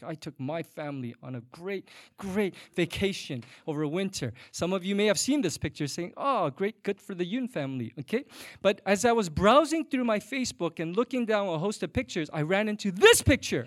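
A man preaching a sermon as pastor, telling a personal story with animated swings between loud and soft and a teasing humor. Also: high voice, a little fast, no echo, clean studio sound.

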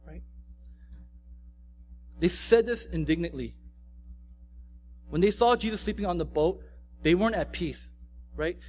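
Young male pastor, slightly high voice, casual conversational sermon, faint hum in the recording. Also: unhurried, pauses often, darkish tone. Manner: casual, conversational, frequent "right?" tags.

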